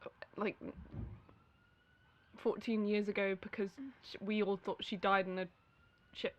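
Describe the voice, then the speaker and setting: A young British woman co-hosting a casual chat podcast, chatty and quick to correct her friend. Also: medium pitch, little pitch movement, lo-fi sound, slight background noise. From Britain. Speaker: podcast co-host.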